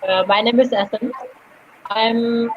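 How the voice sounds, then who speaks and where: A man's voice: very high voice, fairly even intonation, slow pace, lo-fi sound, a little hiss or hum. A man with a Pakistani accent, a physics master's student, introducing himself nervously and stammering with many fillers. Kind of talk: nervous self-introduction on a video call.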